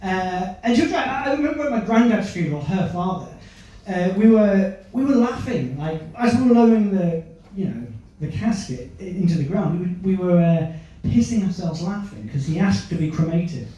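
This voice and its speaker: A man performs stand-up, bantering with people in the crowd. His voice sits high. The sound is caught from off the stage in a very echoey club. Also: expressive, normal speed, mellow, far from the mic, muffled recording. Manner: chatty, chases audience members with questions. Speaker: stand-up comedian. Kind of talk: stand-up set with crowd work.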